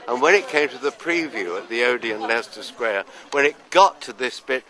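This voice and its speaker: Bright-voiced older man from London. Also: mid-range voice, lively intonation, normal speed, low-quality recording. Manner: chatty, anecdotal, self-deprecating. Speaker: actor interviewee. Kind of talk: casual interview answers.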